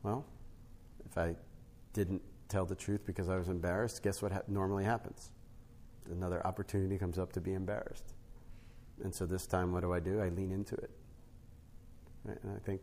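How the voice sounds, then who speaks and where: A middle-aged man, a podcast guest, teaching on spiritual life through a family story, with an animated storytelling manner that often checks in with "right?". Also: sits low, fairly quick, a little hiss or hum. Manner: animated storyteller, rises to emphatic peaks, frequent "right?" tags.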